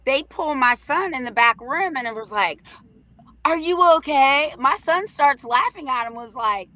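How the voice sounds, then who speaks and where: Brash, bright-voiced storytelling woman. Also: sits high, moderate pace, rough recording. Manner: brash, profane, animated storytelling. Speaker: host. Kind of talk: livestream storytelling.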